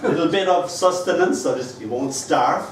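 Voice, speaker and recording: An older Irish poet gives a live reading, slipping into playful, teasing banter between verses, his voice a touch high for a man and his pace moderate. He's picked up from a distance, well off the mic, in a very echoey room with faint background noise.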